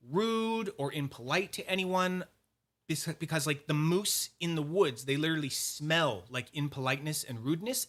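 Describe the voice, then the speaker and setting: A young man from Canada tells a long story to camera in a bright, forceful voice that sits a little high. He is animated, swears freely and acts out the other people in his tale. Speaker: YouTube fidget collector host. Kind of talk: casual storytelling vlog.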